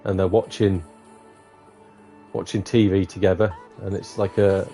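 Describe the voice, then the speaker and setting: A man's voice: deep voice, level tone, unhurried, mellow, faint music behind. A man streaming a racing game, telling crude jokes and laughing often in casual chat. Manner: jokey, laughs often, says "mate". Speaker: gaming streamer.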